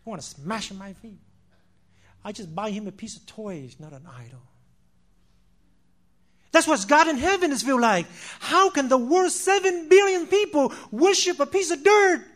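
A preacher with a notably high voice for a man. He drives his sermon with fervor, swells to loud declarations, then drops to a near hush, repeating his phrases for weight. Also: very animated, unhurried, long pauses. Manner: impassioned, swinging between loud declarations and hushed asides; repeats phrases for emphasis, addresses listeners as "my friend".

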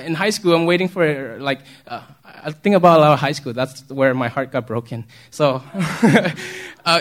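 Chatty pastor man with a fairly high voice. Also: fairly bright tone. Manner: chatty, asks the congregation questions, chuckles often. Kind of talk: casual conversational sermon.

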